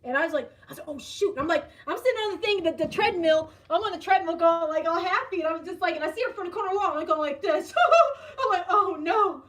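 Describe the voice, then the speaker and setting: High-voiced woman hosting a casual live chat. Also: fast, few pauses. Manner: animated, laughs often, greets chatters by name. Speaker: live stream host.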